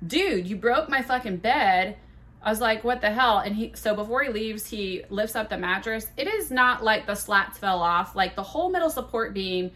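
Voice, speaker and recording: A woman in her thirties, a podcast host, telling a candid, profane story in a casual, animated way. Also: mid-range voice.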